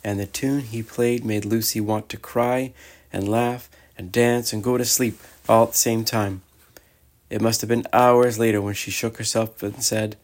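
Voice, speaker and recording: A man narrating a storybook in a measured, expressive way. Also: fairly low pitch. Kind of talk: storybook reading.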